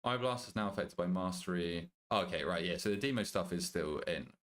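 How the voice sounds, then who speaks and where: A young British man streaming a game, chatting casually with his viewers, joking, swearing and thinking out loud. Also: sits low, brisk. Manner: banters with chat, swears casually, thinks aloud. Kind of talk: casual live-stream chat.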